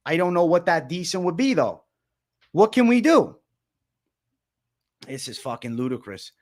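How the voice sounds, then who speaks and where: Excited high-voiced young man livestreaming. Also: unhurried. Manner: excited, repetitive, swearing, addresses viewers as bro. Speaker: livestream host. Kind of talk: livestream commentary.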